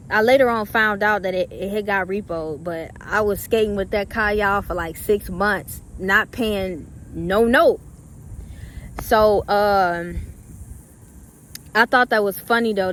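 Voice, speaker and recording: Young woman vlogging a story, acts out what she said back then, lots of "you know", faint noise behind. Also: mid-range voice. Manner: animated, acts out her own past reactions; conversational, drawn-out speech with fillers. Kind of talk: casual storytelling.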